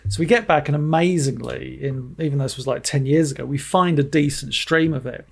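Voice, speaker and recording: A man, co-hosting a movie podcast, telling a story in a lively, casual way. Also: a little high, a little fast, vocal fry, breathy edge. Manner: animated anecdote telling. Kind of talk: casual chat.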